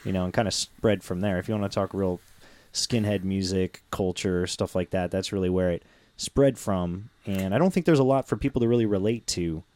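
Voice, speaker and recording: A man's voice: low-pitched, brisk, darkish tone. Tired, rambling man chatting with a friend. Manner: rambling, full of fillers and restarts, laughs easily. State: tired from little sleep. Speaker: guest. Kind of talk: casual chat.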